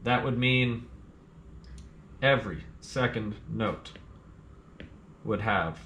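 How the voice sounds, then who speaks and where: A male piano teacher gives a step-by-step lesson on a scale exercise, counting beats aloud and humming rhythms as he plays, with patient, plain instructions for the learner. His voice is fairly low, slow and a bit bright. The sound is roomy, with piano and slight background noise.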